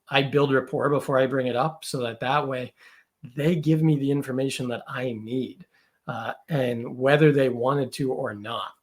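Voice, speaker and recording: A man talking as a podcast guest, chatty, with lots of fillers and quick asides. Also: mid-range voice. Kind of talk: casual conversation.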